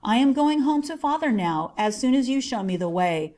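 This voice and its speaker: A woman's voice: a little high, animated, normal speed, mellow, voice pushed up, close to an everyday voice. A woman voicing a curious, earnest young boy who asks eager questions.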